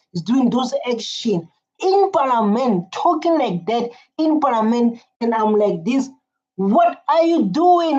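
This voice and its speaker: A woman giving casual, animated reaction commentary on a video, repeating herself and teasing what she sees. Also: a little high. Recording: dull lo-fi sound.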